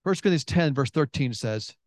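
A middle-aged man preaching a sermon, emphatic and repetitive, swinging between excited bursts and hushed intensity. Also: fairly high pitch, a little fast, no echo. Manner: repeats phrases and restarts.

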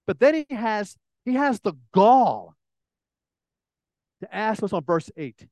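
A man's voice: high voice, sing-song, slow pace, pauses often, dry recording, low-quality recording. A man preaching a sermon in a conversational way, often repeating words and acting out little everyday scenes. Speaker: pastor.

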